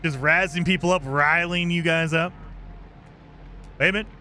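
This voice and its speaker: A man's voice: fairly high pitch, steady tone, moderate pace, bright, forceful tone, a little hiss or hum. A man streaming a game, chatting casually with viewers in a joking, teasing way and laughing often. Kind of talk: casual live commentary while playing.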